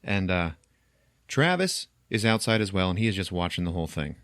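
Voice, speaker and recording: A man's voice: sits low, very animated, fairly quick, a bit bright, dry recording, clean studio sound. A man hosting a podcast, casually retelling a movie's plot, acting out the characters' lines and laughing often. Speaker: podcast host. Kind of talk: casual film recap.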